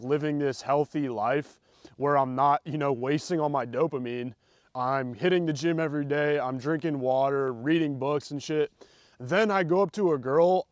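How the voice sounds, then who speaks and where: A man's voice: medium pitch, no room sound. Casual young man coaching, dry close sound. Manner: casual and confident, with loose fillers and slang; demonstrates slow versus rushed delivery. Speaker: dating coach. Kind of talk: direct-to-camera advice monologue.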